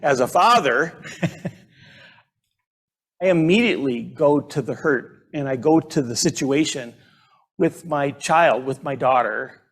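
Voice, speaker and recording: A middle-aged man preaching a sermon in a church, conversational and halting, with frequent fillers and restarts. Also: medium pitch, lively intonation. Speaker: pastor. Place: church sanctuary.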